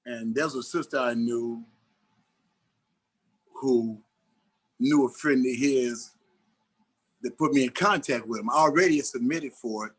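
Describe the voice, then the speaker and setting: A man's voice: medium pitch, a little slow, long pauses, slightly rough. A middle-aged man, an actor being interviewed on a podcast, telling a personal story and acting out the lines of the people in it. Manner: animated storyteller who acts out dialogue.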